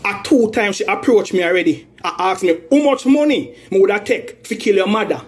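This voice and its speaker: A Jamaican man with a high-pitched voice delivers a heated rant in thick patois. He sounds aggrieved and accusing, circling back over the same points again and again. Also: lively intonation, brisk. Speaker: man airing a family dispute.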